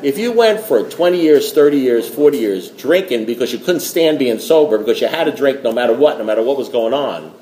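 Rambling, joking man with a mellow voice. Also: mid-range voice, expressive, a little fast, hardly any pauses, echoey room, slight background noise. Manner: rambling, joking, repeats himself. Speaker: speaker at a recovery meeting. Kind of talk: storytelling recovery talk.

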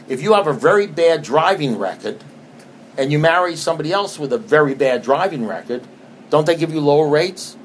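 A man's voice: medium pitch, rough recording. A man speaking to a group in an easygoing, rambling storytelling style, his voice sitting in an ordinary middle range. He keeps checking in with his listeners and repeats phrases for emphasis. A faint hiss of noise sits under the recording. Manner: conversational, rambling, frequent "you know what I mean"; reads book passages aloud with repetition. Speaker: speaker sharing recovery experience. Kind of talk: storytelling talk to an audience.

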